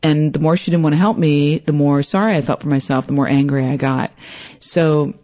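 A woman hosting her own podcast, telling a personal story in a lively way and acting out what people said. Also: deep voice, fairly quick. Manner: animated, acts out quoted voices. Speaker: podcast host.

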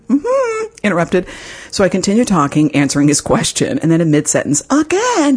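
A woman hosts a podcast in a frank, conversational way, laughing at herself and now and then swearing. Her voice has a husky, breathy edge. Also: sits low, a little mellow. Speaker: podcast host. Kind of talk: candid conversational podcast talk.

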